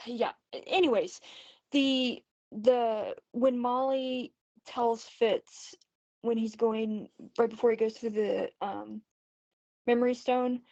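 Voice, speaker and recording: A woman's voice: fairly high pitch, steady tone, slow, a little mellow, dry recording, highs cut off. A woman chatting casually in a voice message about books she is reading, talking in an earnest, rambling, hesitant way. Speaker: book vlogger. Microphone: phone voice messaging app.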